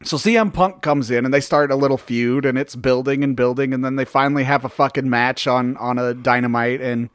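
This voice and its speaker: A man's voice: medium pitch, brisk, few pauses, no echo, clean studio sound. Profane man telling a wrestling story. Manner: profane, animated storytelling, acts out quotes. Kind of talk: casual chat.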